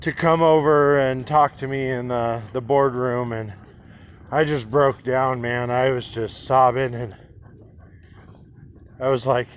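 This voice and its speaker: A man talks slowly and deliberately, stopping often to restart his sentences. His voice sits at an ordinary middle pitch, and he speaks frankly with casual swearing. He records an inspirational monologue into his own camera. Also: steady tone, slight background noise. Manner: halting, with frequent restarts and fillers. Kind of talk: candid personal vlog monologue.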